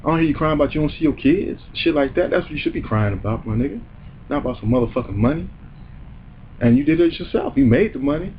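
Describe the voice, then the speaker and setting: A man's voice: fairly high pitch, expressive, quick pace, a little hiss or hum. Guy ranting on his comedy show, cussing and mocking, muffled lo-fi sound. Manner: profane, heated and mocking.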